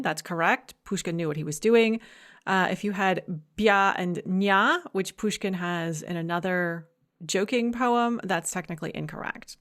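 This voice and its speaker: A woman giving a recorded lecture, explaining points clearly and stressing key ideas. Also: fairly low pitch, moderate pace, fairly bright tone.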